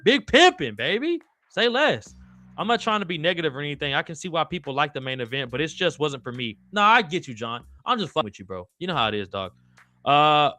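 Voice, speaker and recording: Male host for a casual live fight-talk stream, slangy and cursing, bright edge, a bit higher pitch. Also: no room sound. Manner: slangy, profane, hyped. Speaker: podcast host.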